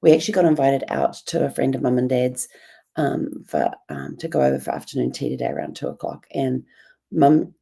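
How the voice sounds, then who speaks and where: A middle-aged woman with a New Zealand accent, hoarse and raspy from a bad cough, talking in a rambling, reflective way with many ums. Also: extremely low pitch, lively intonation, fairly quick, dark tone. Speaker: journalling vlogger. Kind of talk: casual reflective monologue.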